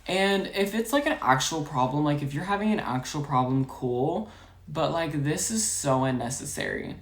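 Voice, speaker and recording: A woman telling a customer-service story in a chatty, rapid, animated way, full of filler words. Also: low-pitched. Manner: chatty, full of "like" and "you know". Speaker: storytime vlogger. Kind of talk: casual storytelling. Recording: echoey room.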